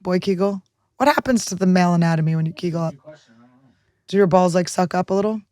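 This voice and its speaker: A woman hosting a podcast, telling stories in crude, excitable casual chat on a close studio mic. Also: lowish voice, fast talker. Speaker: podcast host.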